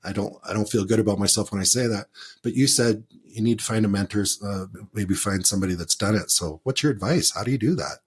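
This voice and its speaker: Husky-voiced podcast host, animated. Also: male voice, fairly low pitch, quick pace. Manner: animated, laughs, acts out quotes. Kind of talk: casual interview conversation.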